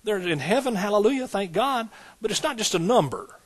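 A man preaching from the pulpit, his voice sitting a touch high for a man. He drives his points home with repeated phrases and slips into homey, conversational asides between them. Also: animated, a little fast, husky. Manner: repetitive preaching cadence, folksy asides. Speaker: pastor. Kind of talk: sermon.

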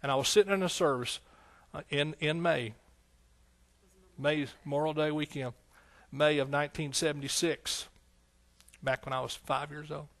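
A middle-aged man, a pastor, giving an emotional sermon testimony that swings between hushed, tearful moments and loud exclamations. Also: on the high side, fairly even intonation, normal speed, vocal fry.

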